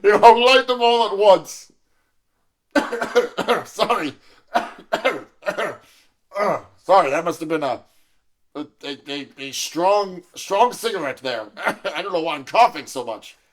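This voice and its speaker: A man improvising a smooth-talking suitor who croons his lines and later coughs from smoking, in an audio comedy. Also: high-pitched, animated, measured pace. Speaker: improv performer.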